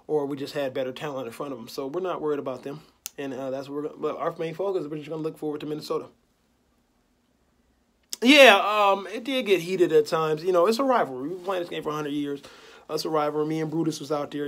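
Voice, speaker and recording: A man's voice: on the high side, darkish tone. A young man vlogging a mock post-game press conference, boasting and trash-talking in laid-back slang.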